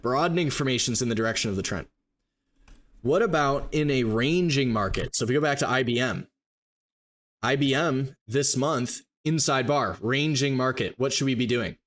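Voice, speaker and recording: A man teaching trading live, walking through charts and rapidly acting out a confused trader's thoughts. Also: mid-range voice, a bit bright. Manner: rapid, emphatic explaining with mock inner voices. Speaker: trading educator. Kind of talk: live stream chart walkthrough.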